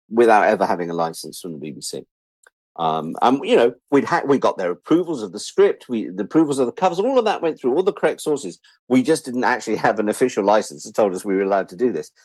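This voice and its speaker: Middle-aged guy telling stories in an interview, bouncy pitch, does all the voices, dry no-room sound. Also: fairly quick, slightly rough, dry recording. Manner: animated, acts out quoted voices. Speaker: guest. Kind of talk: casual interview storytelling.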